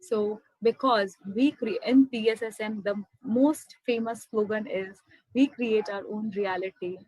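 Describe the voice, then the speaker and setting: A woman's voice: mid-range voice, steady tone, measured pace, darkish tone, dry recording, rough recording. A young woman with an Indian accent, earnestly telling a personal spiritual story and calling her listeners "my dear friends.". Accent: Indian English. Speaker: spiritual speaker. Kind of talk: motivational personal testimony.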